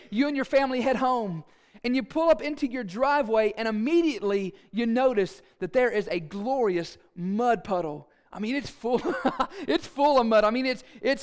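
A man preaching a sermon in an animated, playful storytelling way with asides. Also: very high voice, clean tone. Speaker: pastor.

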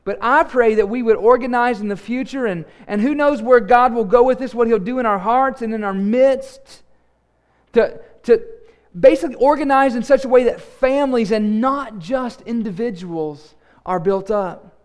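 Earnest high-voiced male pastor preaching. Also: normal speed. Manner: earnest, emphatic, repeats key phrases. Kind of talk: sermon with prayer.

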